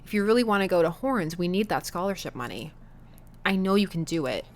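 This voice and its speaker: Woman reading as a soft-spoken sentimental dad. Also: on the low side, lively intonation, brisk, a little hiss or hum, natural voice. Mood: earnest. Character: tender, sentimental middle-aged dad.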